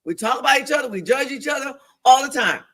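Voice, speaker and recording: A woman co-hosting a church talk show, talking about faith with a preaching edge. Her voice is bright and forceful, and her delivery is animated and emphatic. She repeats phrases for emphasis and acts out the voices in her head. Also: sits high, fast.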